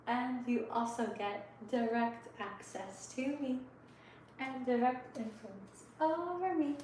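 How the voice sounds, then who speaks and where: A woman's voice: high-pitched, slow pace, slight background noise. Echoey, far-off woman streamer. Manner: soft, heartfelt and rambling, many fillers. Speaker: livestreamer. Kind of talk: casual livestream sign-off chat. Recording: echoey room, voice from off the mic.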